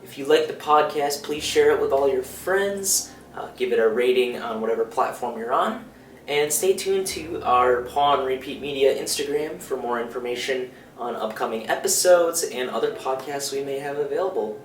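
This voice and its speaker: A man hosting a stream, giving a relaxed recorded announcement, a little tired. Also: medium pitch, moderate pace, a little hiss or hum. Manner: relaxed, loose, with fillers. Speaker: stream and podcast host.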